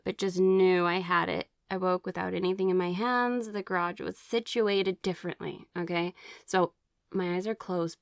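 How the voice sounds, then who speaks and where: A woman's voice: lowish voice, no room sound, clean studio sound. Chatty woman recounting her experiences. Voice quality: occasional throat clearing. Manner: chatty, rambling with many fillers and restarts; reads aloud from her own notes. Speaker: vlogger sharing personal experiences. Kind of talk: casual personal storytelling.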